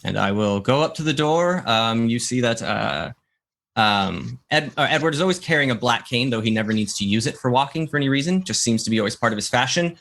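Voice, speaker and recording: A man playing in a tabletop game, relaxed, describing his character's actions. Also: medium pitch, fairly quick, vocal fry. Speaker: player.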